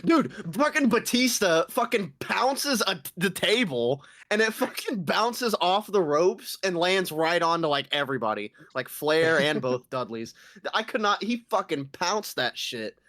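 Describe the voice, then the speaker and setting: A man co-hosting a casual podcast, excitable, swearing often and calling people dude and bro. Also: high-pitched, a little slow, hardly any pauses, no echo, studio quality. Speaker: podcast co-host. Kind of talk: casual chat.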